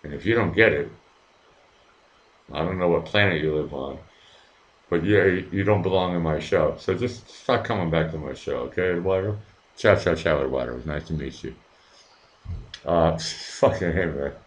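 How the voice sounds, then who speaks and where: A man with a low-sitting voice hosts his own live stream in an echoey room, reading the chat and ranting heatedly at viewers with lots of swearing. He speaks at a normal speed with long pauses, addressing his audience directly.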